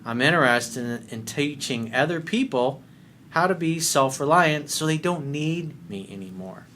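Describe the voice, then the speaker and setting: A man's voice: fairly high pitch, animated, normal speed, sharp tone, a little hiss or hum. A man delivers a video coaching monologue as a life coach, speaking bluntly and emphatically and swearing freely.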